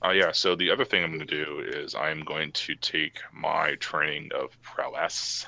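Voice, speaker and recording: A man with an extremely low voice that still has a bright, forceful edge. He plays a tabletop game in a loose, playful ramble full of fillers. The sound is dry and close. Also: fairly even intonation, moderate pace, vocal fry, dry recording. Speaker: player. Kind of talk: casual tabletop game play.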